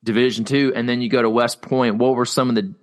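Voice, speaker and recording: A man's voice: mid-range voice, steady tone, quick pace. A man hosting a podcast, asking long, stumbling questions with many "you know"s and encouraging his guest. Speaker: podcast host. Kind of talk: podcast interview.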